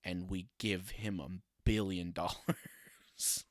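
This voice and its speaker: A man's voice: low-pitched, fairly even intonation, slow pace, dry recording, clean studio sound. A young man hosting a casual solo podcast, ranting with sarcasm and swearing and laughing often. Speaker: podcast host.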